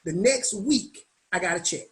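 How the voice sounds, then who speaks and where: A man speaking as a guest at a business meetup, telling stories in a lively, colloquial way and acting out the voices of the people in them. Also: high voice, moderate pace, rough recording. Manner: animated, colloquial, acts out quoted voices. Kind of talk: storytelling in a business meetup talk.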